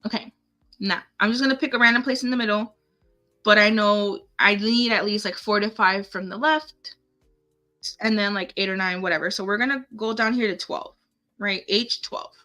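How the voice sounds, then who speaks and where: A woman's voice: mid-range voice, steady tone, moderate pace, sharp tone, faint music behind. A woman hosting a casual live craft tutorial, chatting to herself and her viewers as she works through the steps on screen. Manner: chatty, talks to herself and viewers while clicking. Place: home setup, live stream.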